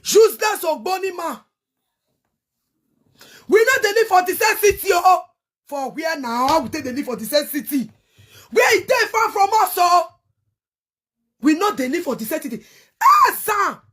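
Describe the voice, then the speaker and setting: Very high-voiced Nigerian woman ranting angrily. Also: sing-song, moderate pace. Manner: angry, cursing, shouts in bursts. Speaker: online show host. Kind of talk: heated rant to viewers.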